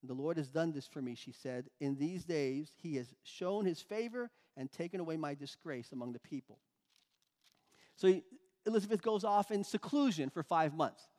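Male preacher, high voice, emphatic teaching delivery, long reverb. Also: animated, a little mellow. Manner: explanatory, emphatic, pauses and restarts. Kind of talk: sermon.

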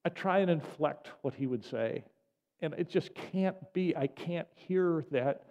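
A man delivering a sermon in an animated, conversational storytelling way with frequent asides. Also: on the high side, measured pace. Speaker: preacher. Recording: dull lo-fi audio with long hall reverb.

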